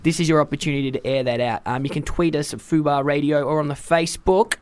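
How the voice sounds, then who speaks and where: Chatty man hosting radio, higher voice. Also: fast talker, clear, resonant tone. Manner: chatty, animated storytelling. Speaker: radio host. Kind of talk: casual radio chat.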